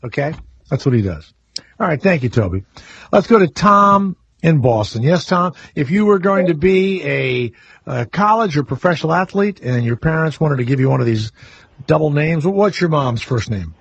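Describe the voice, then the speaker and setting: A man's voice: fairly high pitch, animated, moderate pace, breathy edge, no echo, muffled recording. A man hosting a call-in radio talk show, brash, crude and joking with callers. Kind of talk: casual call-in radio banter. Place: radio studio.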